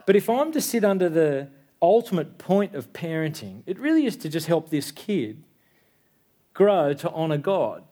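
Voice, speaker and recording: Guy in his 30s giving a chatty church sermon, bit higher voice, keeps asking yeah?. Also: mellow. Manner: conversational, tag questions like "yeah?". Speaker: pastor.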